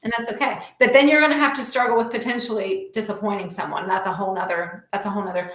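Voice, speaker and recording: Chatty woman counselor in an echoey room. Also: mid-range voice. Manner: lively, chatty, self-deprecating with quick asides. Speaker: counselor and guest. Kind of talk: casual conversation. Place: small office room. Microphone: video call.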